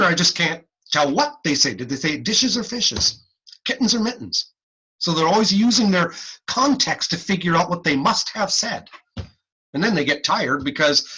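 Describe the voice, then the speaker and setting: A man's voice: fairly high pitch, breathy edge, highs cut off. A middle-aged man giving an online lecture on a video call, playful and demonstrative as he teaches. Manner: animated, playful teaching with repeated "guess what" and sound demonstrations. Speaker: hearing-instrument instructor.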